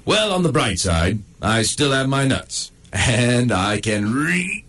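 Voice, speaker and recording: Un hombre haciendo de un perro sarcástico y gruñón. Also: male voice, medium pitch, sing-song, slow, a bit bright. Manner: sardonic, self-pitying and crude. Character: grumpy male dog wearing a cone, sarcastic. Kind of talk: comedic inner monologue.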